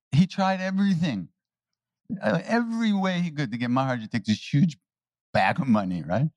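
A man telling stories to a live audience on a handheld mic, animated, laughing and often restarting his sentences. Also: on the high side, moderate pace, dry recording. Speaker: spiritual teacher answering questions. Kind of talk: anecdotal storytelling talk. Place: talk before a live audience. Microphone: handheld microphone.

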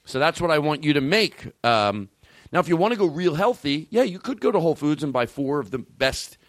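A man's voice: on the high side, very animated, fairly quick, no echo. Hyper, rambling male comedy host. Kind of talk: rambling comic banter.

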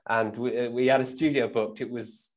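In a mid-range voice with a steady tone and moderate pace, a guest musician spins casual, animated stories. He often tags on "right?" and laughs as he goes.

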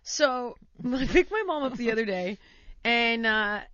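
Chatty woman host rambling thru a story, kinda high voice, lots of likes, muffled lo-fi audio. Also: a little slow, fairly bright tone, dry recording. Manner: rambling, full of "like" and "you know", laughs through the story. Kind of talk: casual storytelling chat.

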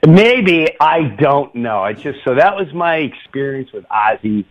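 A middle-aged man hosting a radio show, telling an animated story with laughs and quick impressions. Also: mid-range voice, highs cut off. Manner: animated, laughs often, does voices in anecdotes. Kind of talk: casual storytelling.

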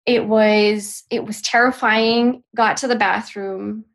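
A young adult woman, a podcast guest, retelling a frightening personal experience in an emotional, halting way with restarts. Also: mid-range voice, steady tone, vocal fry. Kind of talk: personal storytelling in a podcast interview.

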